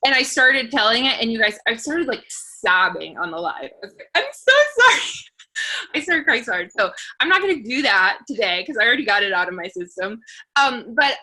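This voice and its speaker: Bright-voiced chatty woman speaker. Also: on the high side, animated, fairly quick. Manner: chatty, filler-heavy, laughs between phrases; earnest and encouraging. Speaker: motivational speaker for a sales team. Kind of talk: personal story talk.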